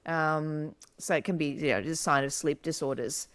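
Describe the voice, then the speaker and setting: Woman co-host, casual chat, smooth clear voice, lowish pitch, dry close mic. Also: moderate pace, no room sound. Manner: animated, acts out yawns. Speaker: podcast co-host.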